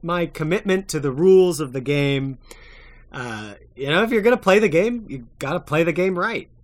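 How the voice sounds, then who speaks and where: A man guesting on a podcast, answering in casual chat with halting restarts and laughs. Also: on the high side, lively intonation. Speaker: podcast guest, former reality show contestant.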